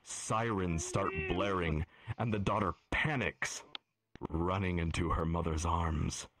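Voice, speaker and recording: A man's voice: low-pitched, fairly even intonation, takes it slowly, fairly bright tone, dry recording. A man narrating a role-play story as game master, in a solemn, dramatic storytelling manner.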